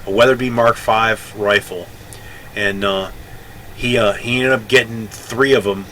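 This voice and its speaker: Chatty older man, bright forceful voice. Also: lowish voice, steady tone, a little slow, a little hiss or hum, poor audio. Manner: rambling, self-correcting, chatty. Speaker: Navy veteran storyteller. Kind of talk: casual storytelling.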